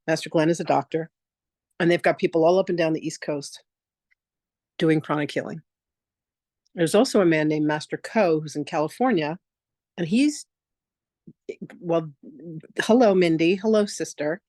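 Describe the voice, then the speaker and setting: A woman hosting an online masterclass, telling a story in a chatty, animated way and acting out quotes in a lively voice over a video call. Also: low voice, no echo, clean studio sound. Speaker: spiritual teacher hosting a free online masterclass. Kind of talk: casual storytelling on a live video session.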